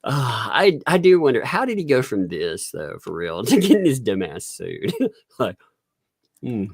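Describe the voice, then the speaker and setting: A man's voice: mid-range voice, sing-song, measured pace, creaky, breathy edge, no room sound, studio quality. A man hosting a livestream in casual commentary chat, joking and laughing often. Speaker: livestream host.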